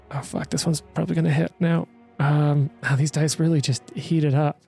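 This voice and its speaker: A man running a tabletop game as game master, wry and apologetic, talking quickly with frequent restarts. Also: on the high side, fairly even intonation, vocal fry, mellow, slightly rough, soft background music.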